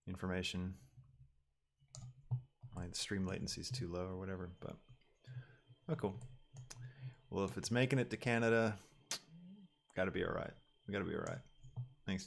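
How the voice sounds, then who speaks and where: A man with a low, gravelly voice thinks aloud while livestreaming his work as a 3D artist. His casual talk is halting, with ums and restarts.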